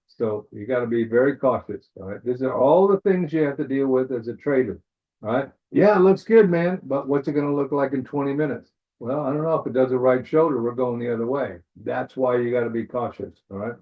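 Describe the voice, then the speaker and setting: Man teaching trades over tinny webinar audio. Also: medium pitch. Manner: casual, repeats "all right" often, thinks aloud. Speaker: forex trading instructor. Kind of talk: live webinar chart walkthrough.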